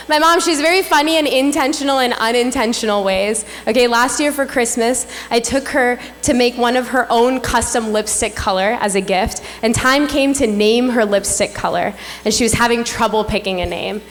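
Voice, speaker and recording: Young woman doing stand-up in a hall. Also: on the high side. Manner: animated punchline delivery, playful and self-mocking. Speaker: stand-up comedian and emcee. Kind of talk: stand-up comedy set. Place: stage at a large gala hall. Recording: echoey hall, faint room ambience.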